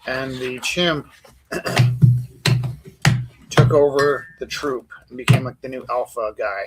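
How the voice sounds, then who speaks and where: A man's voice: mid-range voice, takes it slowly, over loud music, low-quality recording. A man hosting a live art stream, chatting casually and telling rambling stories full of fillers while he draws. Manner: rambling storyteller, many fillers. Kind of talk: casual chat while drawing.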